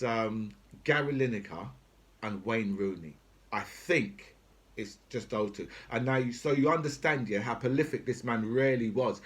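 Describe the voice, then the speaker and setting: Guy in his 40s-ish ranting, swears a ton, keeps saying right? and you know what i mean. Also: mid-range voice. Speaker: political commentator. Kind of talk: unscripted rant.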